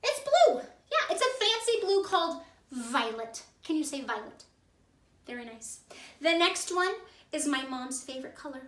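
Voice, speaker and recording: A woman leading a preschool music class in an animated, sing-song way for young children. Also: high-pitched, normal speed, distant mic. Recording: echoey room, voice from off-mic, music behind.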